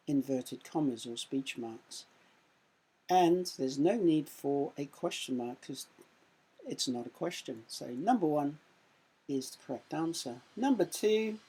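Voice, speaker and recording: Casting: English woman, primary teacher, low husky voice, unhurried quiz reading with punchy sound words. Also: warm tone, poor audio. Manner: slow, careful quiz reading with sound-effect emphasis. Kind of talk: recorded online lesson.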